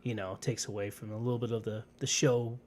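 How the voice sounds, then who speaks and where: A man's voice: lowish voice, flat delivery, fast talker, a little mellow, a little hiss or hum. A man chatting on a podcast, rambling and hedging as he talks. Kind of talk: casual podcast chat.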